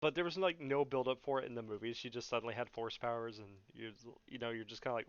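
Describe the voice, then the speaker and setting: A man's voice: medium pitch, steady tone, fast, hardly any pauses, clean tone, no room sound, dull audio. A young man hosting a podcast, ranting in a casual, profane, mocking way and often laughing. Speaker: podcast host.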